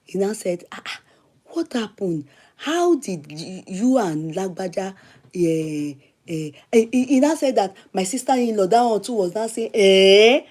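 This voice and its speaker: A woman with a Nigerian accent, hosting a show and telling a long personal story in a casual, chatty, animated way, repeating herself for emphasis. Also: medium pitch, unhurried. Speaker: show host.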